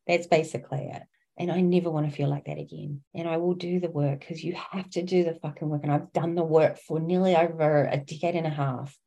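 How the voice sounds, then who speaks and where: A woman's voice: sits low, steady tone, a little fast, creaky, dark tone. A woman, hosting a podcast in an earnest, emphatic motivational monologue that swears freely and calls the listener Mama. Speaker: podcast host.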